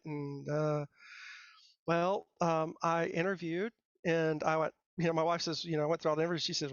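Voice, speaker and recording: A middle-aged man, a software engineer guest, telling his career story in a casual, rambling, self-deprecating way with many fillers and restarts. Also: on the high side, steady tone, a little fast, clear, resonant tone, dry recording. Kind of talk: casual interview talk. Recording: dull dry lo-fi sound.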